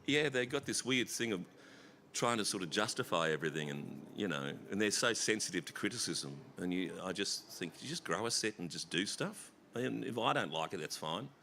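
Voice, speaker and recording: A middle-aged Australian man speaking as a guest in an onstage conversation, animated and self-deprecating, often stammering and restarting. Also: on the low side, brisk, a little hiss or hum. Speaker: festival guest actor. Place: festival stage.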